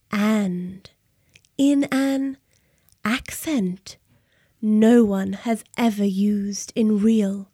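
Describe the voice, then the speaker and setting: Woman doing a poetry reader, whispered role-play, fruity whisper, very slow, odd stresses. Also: mid-range voice, dark tone, no room sound, clean studio sound. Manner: slow, with stresses in odd places and broken phrasing.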